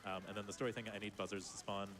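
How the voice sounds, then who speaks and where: A man's voice: fairly low pitch, little pitch movement, racing. A man giving casual live commentary on his speedrun, explaining as he plays and laughing often.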